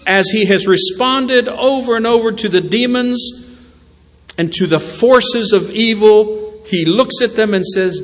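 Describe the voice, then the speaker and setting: A male pastor preaching a sermon in a church, swinging between slow, quiet emphasis and bursts of animated storytelling as he acts out voices. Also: high voice. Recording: long hall reverb.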